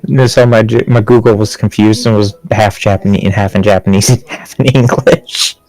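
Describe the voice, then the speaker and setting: A man with a Midland American accent chatting casually while gaming, relaxed and joking about himself. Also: fairly low pitch, moderate pace, faint music behind. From Upland South of the US. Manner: relaxed, joking, self-deprecating.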